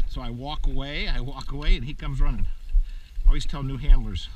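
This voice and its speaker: A man commenting casually while he trains a young dog outdoors in a field. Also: quick pace. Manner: shouts high-pitched praise and calls to the dog. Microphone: camera mic, at times far off. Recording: distant outdoor camera audio, faint noise.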